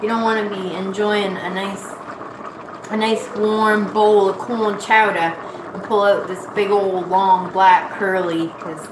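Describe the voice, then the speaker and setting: A woman with a Nova Scotian accent talks in an unhurried, folksy, self-amused drawl as she cooks in her own kitchen. The room is echoey, and a clear layer of background noise runs under her voice. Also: mid-range voice, fairly even intonation. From Nova Scotia, Canada. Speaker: vlogger cooking on a livestream. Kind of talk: casual livestream chat while cooking. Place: home kitchen with a pot boiling.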